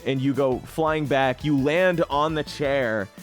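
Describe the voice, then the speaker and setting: A man's voice: medium pitch, takes it slowly, soft background music. A young man narrating a tabletop game as game master, laughing often in a loose, profane way.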